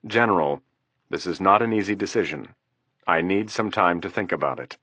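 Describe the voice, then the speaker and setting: A testy, defensive politician in high office, as a man puts him on for an audiobook. His voice climbs higher and sharper when pressed. The recording is dry and close. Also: big pitch swings, normal speed, a bit bright, no echo. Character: defensive, irritable male vice president, middle-aged.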